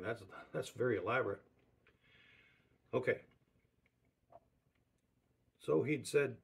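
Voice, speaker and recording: A man gives a sermon in a conversational way, his voice ordinary in pitch but slightly husky and breathy. Again and again he returns to key words to hammer his point home.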